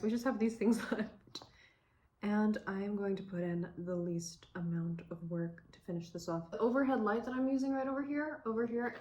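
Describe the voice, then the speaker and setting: A woman's voice: medium pitch, a little mellow, slight background noise. A woman in her twenties chatting casually while coloring, rambling and self-deprecating, swearing freely and laughing often. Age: 20s. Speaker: vlogger.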